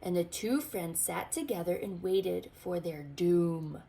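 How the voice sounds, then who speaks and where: A woman teacher reading a storybook aloud to young children, expressive and pointing out pictures. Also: fairly low pitch, gravelly. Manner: expressive, slow, asks children to look. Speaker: pre-K teacher.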